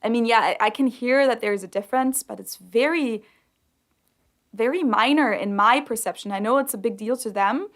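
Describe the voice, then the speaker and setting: Young German woman co-hosting a podcast in English, fairly high voice, chatty. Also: normal speed, a bit bright. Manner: chatty, laughs easily, many fillers. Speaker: podcast co-host. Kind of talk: casual chat.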